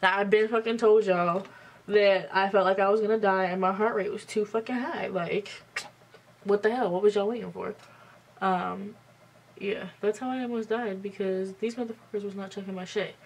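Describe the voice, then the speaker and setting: A woman's voice: medium pitch, fairly even intonation, brisk, vocal fry. A woman in her twenties telling a story on camera at home while doing her makeup, blunt and emphatic, swearing freely. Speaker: beauty vlogger. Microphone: camera mic.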